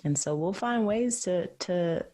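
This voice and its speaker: Low-voiced, lively woman co-host. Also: unhurried. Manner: lively, acts out quoted self-talk. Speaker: podcast co-host. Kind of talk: candid casual chat.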